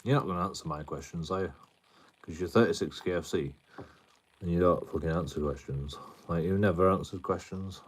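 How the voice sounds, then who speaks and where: A British man on a livestream argues combatively with his chat, swearing a lot and repeating himself. His voice sits low and is brisk and slightly rough.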